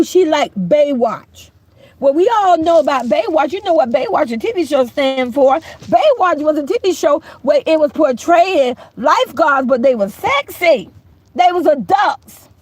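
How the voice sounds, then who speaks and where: A middle-aged woman giving an emphatic, preachy call-out rant as a YouTube commentator, often shouting. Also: high voice, no echo.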